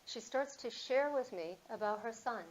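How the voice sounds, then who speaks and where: A woman in her fifties, a motivational speaker telling a personal story in a conversational, animated way. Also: on the high side, moderate pace, dull audio, a little hiss or hum. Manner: conversational, animated, acts out dialogue.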